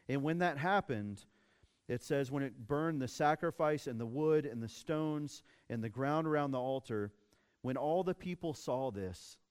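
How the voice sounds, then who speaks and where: Smooth-voiced man preaching a casual sermon. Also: mid-range voice. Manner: casual, animated storytelling with restarts. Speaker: pastor.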